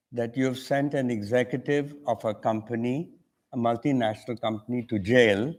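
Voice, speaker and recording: A man's voice: medium pitch, darkish tone. An older man from India with an Indian English accent, an author telling a story on a conference panel and acting out the voices of the people in it. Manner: acts out dialogue in an anecdote.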